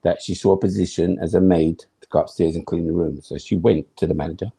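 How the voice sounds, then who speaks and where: A fast-talking man with a low, husky, mellow voice, creaky and steady in tone. Once a footballer, now an interview guest, he tells animated stories in emphatic slang, acting out his own thoughts.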